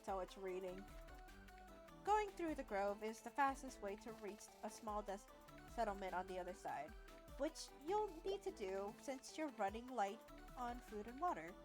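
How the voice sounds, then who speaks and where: Lively woman reading a game aloud. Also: mid-range voice, normal speed, music in the background. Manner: playful, chatty, says "lol" aloud, stumbles over words while reading. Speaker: gaming video host. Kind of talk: reading a text adventure aloud with casual commentary.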